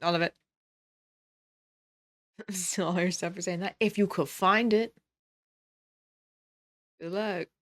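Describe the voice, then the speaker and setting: A woman's voice: lowish voice, steady tone, takes it slowly, pauses often, fairly bright tone. A woman streamer reacting to a documentary, making sarcastic jokes and asides in a casual chat style. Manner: sarcastic, joking asides with laughs.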